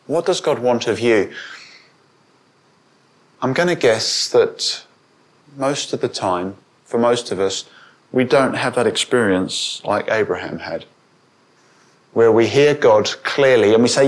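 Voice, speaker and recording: Male preacher, sermon, slow pace, questions to the congregation. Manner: rises in pitch and volume when quoting, asks the congregation questions.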